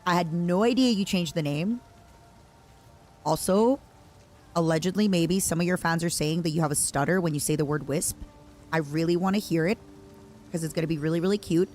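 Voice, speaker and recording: A woman's voice: on the low side, a little mellow. A woman streamer in casual chat, teasing and rambling playfully at a desk mic.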